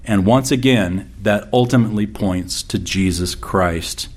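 A man preaching a sermon, reading scripture aloud with slow emphasis and repeating key phrases. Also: on the low side. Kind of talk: expository sermon.

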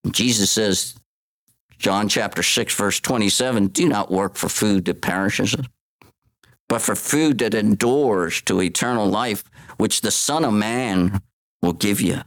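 A man preaching a sermon, animated, acting out the voices of Bible figures as he quotes them. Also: fairly low pitch, a little slow.

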